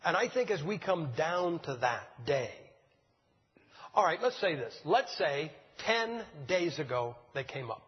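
A man's voice: high voice, slightly rough. An older man preaching a folksy, joking sermon, firing rhetorical questions at his congregation. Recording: dull lo-fi sound, long church-hall reverb.

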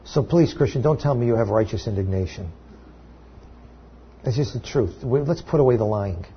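A man's voice: mid-range voice, lively intonation, moderate pace, dull audio, slight background noise. A man preaching a sermon to his church, talking in a conversational way with restarts and sudden emphatic peaks. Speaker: pastor.

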